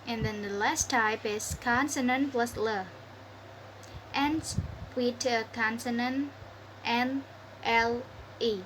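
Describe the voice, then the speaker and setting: A woman's voice: on the high side, fairly even intonation, takes it slowly, pauses often, fairly bright tone, a little hiss or hum, rough recording. A young woman with an Indonesian accent, a student presenting a pronunciation lesson, reading word lists and repeating each example. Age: young adult. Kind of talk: slow read-aloud lesson.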